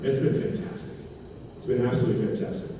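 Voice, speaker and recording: A man's voice: fast, mellow, slight background noise. A male pastor preaching a sermon, emphatic and dropping joking asides. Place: hall at a men's breakfast. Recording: echoey hall, from far off.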